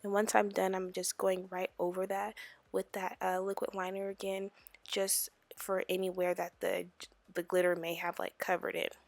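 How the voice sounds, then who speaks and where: A young woman speaking a chatty makeup tutorial voiceover in a loud whisper, late at night at home, full of "like" fillers. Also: medium pitch, level tone, normal speed, vocal fry, no echo. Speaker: beauty vlogger.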